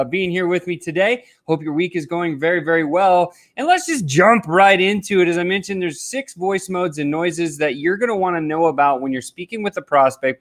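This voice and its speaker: A man's voice: high voice, a bit bright. A man hosting a sales training video, talking straight to camera with energy and swooping emphasis. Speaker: sales coach. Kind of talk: direct-to-camera sales lesson.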